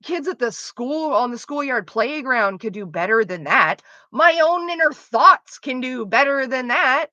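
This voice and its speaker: A woman's voice: high-pitched, lively intonation, unhurried, few pauses, bright, forceful tone, dry recording, dull audio. A woman streamer chatting casually with her viewers, profane, sarcastic and ranting. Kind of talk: casual chat.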